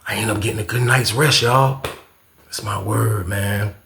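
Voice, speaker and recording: Gravelly animated male storyteller. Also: fairly low pitch, normal speed, roomy sound, a little hiss or hum. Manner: animated, profane, repeats catchphrases. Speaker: storyteller, channel host. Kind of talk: casual storytime monologue.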